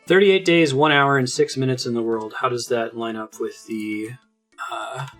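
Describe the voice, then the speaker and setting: An enthusiastic man gives casual gameplay commentary at a mid-range pitch. He rambles happily with plenty of fillers and restarts. Soft game music plays faintly behind him. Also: normal speed. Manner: chatty and enthusiastic, many fillers like "like". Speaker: let's play host.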